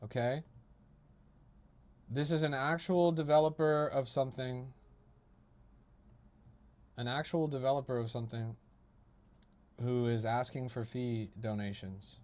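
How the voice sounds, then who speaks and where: A man's voice: mid-range voice, unhurried, pauses often, darkish tone. A young man hosting a crypto livestream, reading his chat aloud and mocking it with a profane, ranting manner.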